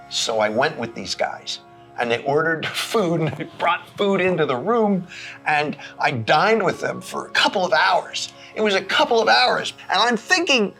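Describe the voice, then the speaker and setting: A man telling a personal story in an expressive way, with dramatic pauses. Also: a little high, soft background music.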